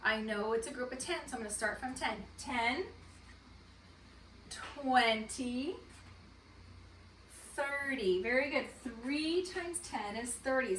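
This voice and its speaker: A woman teaching young children in a morning meeting, talking slowly and in a sing-song way when she counts with them. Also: high-pitched, fairly bright tone, slight background noise. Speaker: elementary school teacher. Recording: echoey room, voice from far off.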